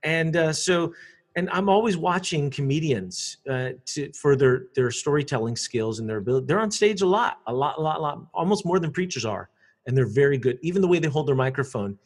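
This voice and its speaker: A man, a public speaker chatting casually in an interview, animated and quick to repeat words. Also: fairly high pitch.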